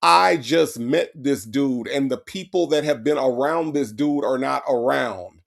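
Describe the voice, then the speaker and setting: A man hosting a casual comedic commentary, animated and talking back to his chat. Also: mid-range voice, a little slow, creaky. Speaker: commentary host.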